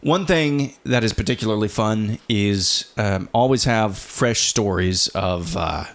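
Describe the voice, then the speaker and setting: A man in his thirties co-hosting a podcast in a relaxed, casual chat, with many fillers and restarts. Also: lowish voice, a little slow. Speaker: podcast co-host.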